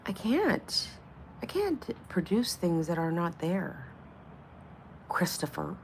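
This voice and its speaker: A woman's voice: fairly low pitch, very animated, slow, vocal fry, long pauses, a little hiss or hum. A woman hosting a casual livestream, chatty, swearing freely, cooing over small objects and sometimes dropping into a whisper. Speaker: livestream host.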